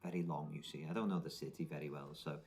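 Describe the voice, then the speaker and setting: A man's voice: a bass voice, steady tone, fast talker, darkish tone, breathy edge, faint music behind, exaggerated voice. A man voicing a male adventurer with a put-on Welsh accent, chatting casually while probing a shopkeeper. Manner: casual, probing small talk.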